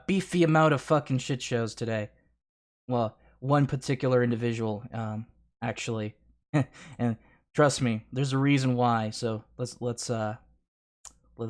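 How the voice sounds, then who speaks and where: A man hosting a casual livestream, talking profanely and rambling, often laughing and tripping over restarts. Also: mid-range voice. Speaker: livestream host.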